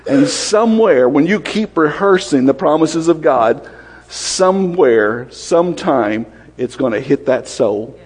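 A man preaching a sermon, quick-fire and lively, often asking questions of the congregation. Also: fairly high pitch, breathy edge, in a large hall.

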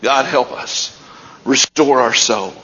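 A man's voice: medium pitch, takes it slowly, a bit bright. A man preaching a sermon, retelling scripture stories with building intensity. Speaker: pastor. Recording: dull sound with long hall reverb.

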